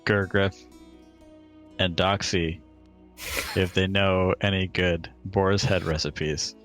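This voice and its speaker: A man playing a tabletop game, playful and deliberate in his speech. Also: low voice, little pitch movement, a bit bright, faint music behind. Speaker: player.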